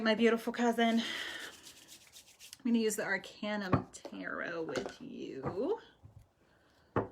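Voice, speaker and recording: A woman's voice: medium pitch, vocal fry, fairly bright tone, a little hiss or hum. A woman giving tarot readings on a live stream, chatty and affectionate, laughing often. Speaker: tarot reader. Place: home, live video stream.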